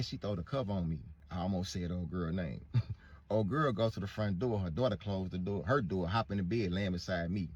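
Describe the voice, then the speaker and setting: A man's voice: deep voice, a little fast, a little mellow, no echo. A man telling a profane personal story and acting out the voices in it. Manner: vivid, profane storytelling with acted-out quotes. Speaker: storyteller in a clip. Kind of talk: storytelling monologue.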